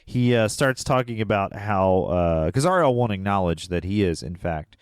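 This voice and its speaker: A man's voice: deep voice, expressive, moderate pace, clear, resonant tone, no echo, studio quality. A man in his forties, a podcast co-host casually recapping a movie plot, rambling with many filler words. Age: 40s.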